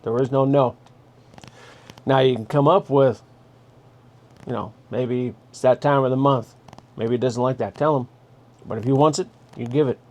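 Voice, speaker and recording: A man's voice: medium pitch, steady tone, normal speed, pauses often, darkish tone. A man hosting a casual advice monologue, speaking bluntly and directly and telling listeners what to do. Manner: blunt, direct, giving orders. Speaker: host.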